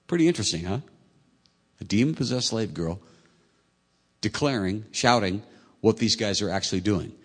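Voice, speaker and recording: Husky-voiced pastor preaching in a hall. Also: male voice, lowish voice, lively intonation, measured pace, a bit bright. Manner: conversational, asks the congregation rhetorical questions. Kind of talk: sermon. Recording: echoey hall.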